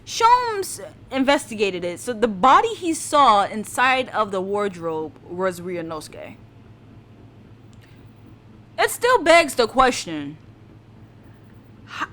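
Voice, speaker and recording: Woman streamer, chatty and self-deprecating, slow pace. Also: on the high side, fairly bright tone. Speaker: streamer playing a game. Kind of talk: casual gameplay commentary.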